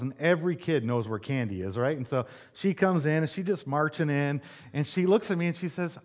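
A man pastor giving a conversational sermon, telling stories and getting more animated as he goes. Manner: conversational preaching, storytelling, rises in pitch when animated.

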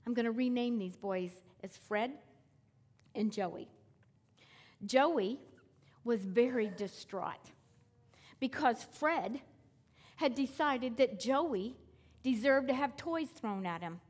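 Woman preaching, fairly high voice, breathy tone, swings between emphatic calls and soft near-whispers, sermon storytelling. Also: expressive, slow, pauses often, in a large hall.

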